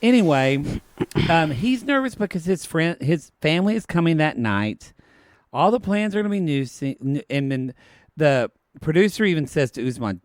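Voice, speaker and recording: A man's voice: a little high, very animated, normal speed, no echo, clean studio sound. A man co-hosting a podcast, retelling events in a sassy, profane and exaggerated casual chat. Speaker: podcast co-host.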